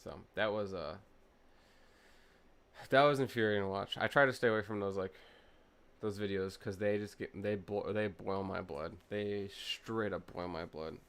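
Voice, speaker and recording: A man's voice: fairly low pitch, steady tone, moderate pace, a bit bright, smooth. A young man streaming a truck-driving game from his home setup, chatting casually and telling a heated, profane story. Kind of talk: casual gaming stream chat. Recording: truck engine noise from game. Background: game truck engine and road ambience.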